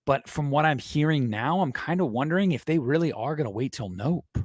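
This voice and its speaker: A man hosting a casual movie news livestream who rambles and jokes crudely in an animated way. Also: a little high, fairly quick, dry recording, studio quality. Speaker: host of a movie news stream.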